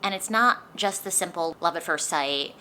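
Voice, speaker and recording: A woman's voice: lowish voice, normal speed, pushed and bright. A young woman giving a casual book review, chatty and leaning heavily on "like", with faint street noise from an open window behind her. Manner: chatty, heavy use of "like". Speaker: book vlogger. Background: faint street traffic noise.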